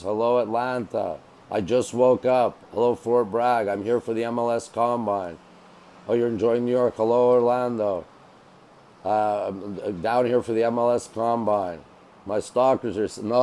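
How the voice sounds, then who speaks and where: Man from Montreal, mellow low voice, phone held at arm's length, faint outdoor ambience. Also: slight background noise, poor audio. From Montreal, Canada. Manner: chatty, repeats phrases, greets viewers by name. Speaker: livestream host. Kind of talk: casual live-stream chat greeting viewers. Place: hotel balcony by the beach, outdoors.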